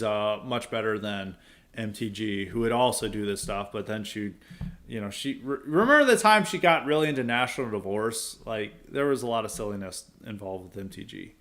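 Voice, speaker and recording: A man's voice: medium pitch, fairly bright tone. Opinionated male podcast host. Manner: opinionated, rambling, with frequent asides and chuckles. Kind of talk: casual political commentary.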